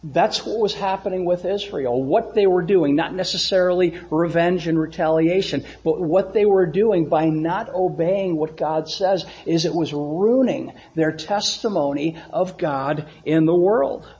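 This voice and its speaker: A man's voice: a little high, measured pace, few pauses, darkish tone, muffled recording. A male pastor preaching a sermon to his congregation, repeating phrases for emphasis and asking the room questions. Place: church sanctuary with congregation.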